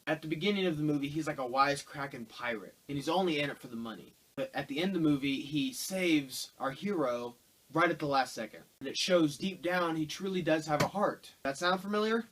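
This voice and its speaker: A man reviewing a film in a loose, rambling rant, his voice sitting a little higher than most men's. He sounds exasperated and sarcastic throughout, piling complaint on complaint. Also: brisk, fairly bright tone, slight background noise, poor audio. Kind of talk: casual ranting film review.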